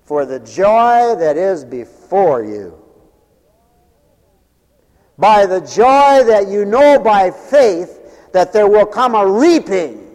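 A man preaching a revival sermon with fervent, rhythmic repetition, interjecting hallelujahs and swinging from ringing exclamations to low muttered asides. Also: very animated, slow pace, pauses often, darkish tone. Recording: long hall reverb.

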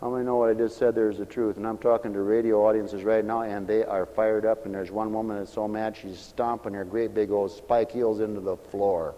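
A man preaching a sermon with great fervor, swinging from shouted exhortations to low, confiding asides. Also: level tone, brisk, few pauses, lo-fi sound. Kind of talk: fiery sermon. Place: church hall, also broadcast on radio. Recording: long hall reverb.

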